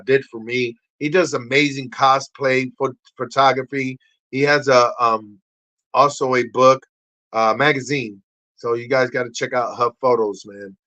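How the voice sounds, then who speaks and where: A middle-aged man hosting a casual livestream. He shouts greetings and shout-outs to viewers, then drops into low, quiet asides. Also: dry recording, low-quality recording. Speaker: livestream host.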